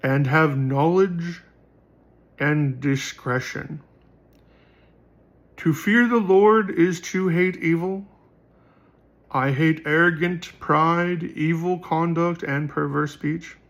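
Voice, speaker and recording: A slow, declaiming fantasy voice of Wisdom, raised and proclaiming, as a man puts it on. The tone is raspy, with a gravelly edge that rides under every line. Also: on the high side. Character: Wisdom personified, grand proclaiming fantasy narrator.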